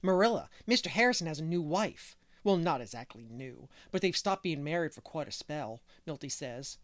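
A man's voice: fairly high pitch, animated, normal speed, fairly bright tone, dry recording. A man voicing a chatty, cheerful little boy who talks bluntly, in a dry audiobook reading.

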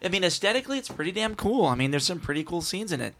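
Co-host, male, bright and tense tone, lively pitch, excitable. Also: racing. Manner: excitable, says dude and man. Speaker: podcast co-host. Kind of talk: casual movie discussion.

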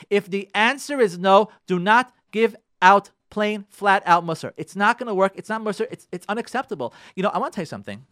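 A man, a rabbi on a radio show, urging his listeners in an impassioned talk, repeating his key points and swinging from loud pressing to soft pleading. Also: high-pitched, lively intonation, brisk, few pauses, dry recording, clean studio sound.

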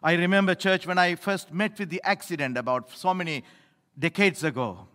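A middle-aged male pastor preaching a sermon, emphatic, swinging between loud appeals and low asides, in a church. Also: normal speed. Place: church sanctuary. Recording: echoey hall reverb.

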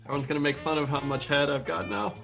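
A man joins a casual podcast as a guest, playful and quick to poke fun at himself. His voice runs slightly high over clear background music. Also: a bit bright. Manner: self-deprecating, playful. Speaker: guest saxophonist. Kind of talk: casual chat.

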